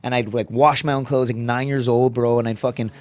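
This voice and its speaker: A man telling blunt, profane stories on a podcast, peppering them with "dude" and "right?" and acting out other people's voices. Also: fairly even intonation. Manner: profane, rapid storytelling with frequent "dude" and "right?"; acts out quoted voices with raised pitch. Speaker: podcast guest, comedian. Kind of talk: casual podcast storytelling.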